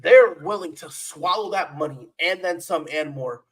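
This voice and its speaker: A man's voice: fairly high pitch, normal speed, fairly bright tone, rough recording. A man co-hosting a sports podcast, talking in a playful, repetitive trash-talk style. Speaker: podcast co-host. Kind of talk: casual sports chat.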